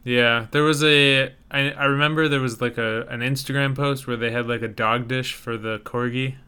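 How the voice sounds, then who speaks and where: A young man co-hosts a casual chat, joking at his own expense. His voice is bright and forceful, with a smooth, resonant clarity to every word. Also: medium pitch, fairly even intonation, normal speed. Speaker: podcast co-host.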